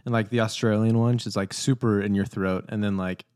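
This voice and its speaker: A man's voice: lowish voice, fairly even intonation, a little mellow. Jokey young male podcast co-host. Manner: laughs often, jokey, quick interjections. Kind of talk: casual chat.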